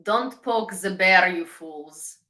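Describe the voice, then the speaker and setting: A pompous male online troll drawls slow, loud threats, as a woman puts him on. The voice stays bright against echoey room sound. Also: medium pitch. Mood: menacing.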